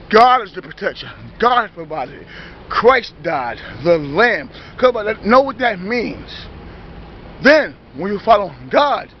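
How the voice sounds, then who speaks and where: A man's voice: high voice, muffled recording, a little hiss or hum. A man preaching informally in a repetitive, emphatic way, often stopping to check that listeners understand, and restarting his sentences as he rambles on. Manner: repetitive, emphatic, keeps asking "you understand?"; rambling, self-correcting restarts. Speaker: lay preacher.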